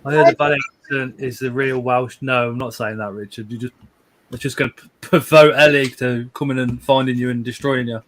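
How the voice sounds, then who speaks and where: A man's voice: medium pitch, fairly even intonation, a little fast. A man hosting a casual live stream from home, rambling, repeating words and chuckling as he reads out viewer comments.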